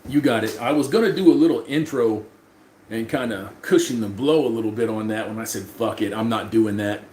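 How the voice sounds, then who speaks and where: A man hosts a casual livestream, reading chat messages aloud and answering them loosely with plenty of swearing. His voice sits on the low side, fairly quick, with a darkish tone. There's a roomy echo and faint room noise.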